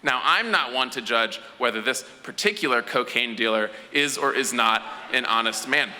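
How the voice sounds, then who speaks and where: A man telling a true story live on stage in an animated way, acting out the other voices. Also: mid-range voice, moderate pace. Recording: echoey hall with faint noise.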